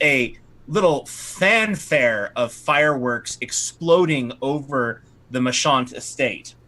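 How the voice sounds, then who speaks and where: Man, game master, bright voice, rambling narration, tabletop game. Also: mid-range voice, lively intonation, takes it slowly, hardly any pauses. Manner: loose, rambling, many fillers.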